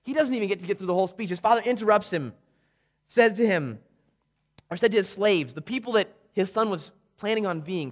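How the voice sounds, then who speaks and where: Male preacher, high voice, dramatic storyteller who drops to a hush for effect. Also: quick pace. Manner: vivid storytelling, swinging between loud emphasis and hushed tones. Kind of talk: sermon.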